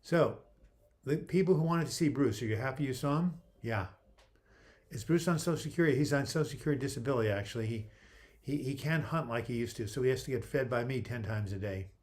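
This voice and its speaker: A man's voice: mid-range voice, quick pace, darkish tone. An older man hosting a casual livestream, reading viewer comments aloud and answering them in a chatty, joking way with frequent restarts. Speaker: livestream host.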